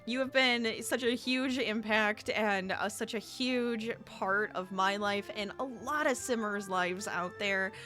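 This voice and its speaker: A woman gaming YouTuber chatting casually over her gameplay, upbeat and quick to laugh. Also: medium pitch, pushed and bright. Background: background music.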